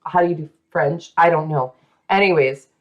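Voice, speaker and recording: A woman hosting a podcast, telling a true story in a casual, dramatic way, with asides and quick voices for the people in it. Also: sits low, dull audio.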